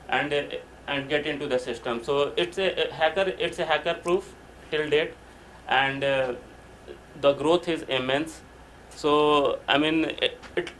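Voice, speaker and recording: A man giving an informal speech at a club meeting, halting, with many restarts. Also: on the high side, a bit bright, slight background noise, poor audio. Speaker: club speaker.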